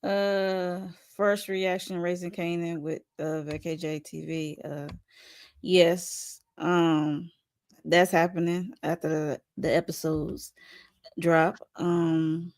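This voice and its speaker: A woman's voice: lowish voice, flat delivery, takes it slowly, a little mellow, no echo, studio quality. A woman chatting casually as a guest reviewer, rambling with lots of ums and playful trash talk. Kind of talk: casual live-stream chat.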